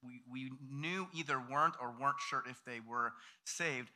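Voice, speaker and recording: Bright-voiced, animated male preacher. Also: mid-range voice, normal speed. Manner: animated, acts out the voices of people in the story. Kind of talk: sermon storytelling.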